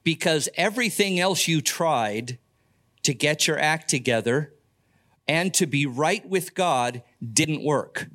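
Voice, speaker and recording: A man's voice: a little high, lively intonation, takes it slowly, fairly bright tone. An older man preaching a sermon as pastor, earnest, with folksy asides and stories about family.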